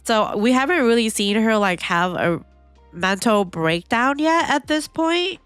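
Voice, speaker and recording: A woman hosting an anime reaction video, chatting casually and excitably, with lots of "like" fillers. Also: a little high, unhurried, clean tone, dry recording, soft background music. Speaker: anime reaction channel host.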